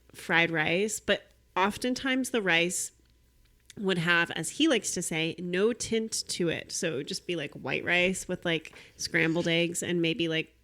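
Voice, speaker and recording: Young female co-host, somewhat low voice, casual chatter full of laughs and "like.". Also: sharp tone. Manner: giggly, chatty, filler-heavy. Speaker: podcast co-host. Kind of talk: casual chat.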